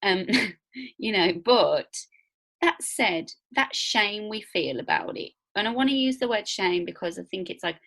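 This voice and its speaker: A woman's voice: medium pitch, expressive, measured pace, a bit bright. A woman hosting a spiritual podcast, talking in an enthusiastic, chatty and emphatic way. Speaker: podcast host, Reiki and spiritual coach. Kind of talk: casual conversational interview.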